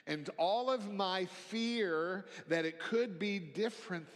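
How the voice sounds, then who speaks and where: A man preaching a reflective sermon as a minister, slow and gentle, dropping to near-whispers on key phrases. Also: high voice. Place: church sanctuary. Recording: long hall reverb.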